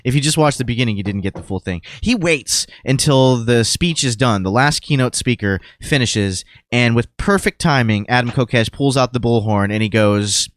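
A man's voice: mid-range voice, moderate pace, few pauses, dry recording, studio quality. Man retelling a story in casual chat. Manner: animated retelling with acted quotes.

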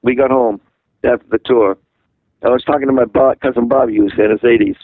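An older man from Massachusetts, a radio guest telling a rambling personal story in a halting way, often repeating words. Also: medium pitch, fairly even intonation, no room sound. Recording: tinny phone line on radio.

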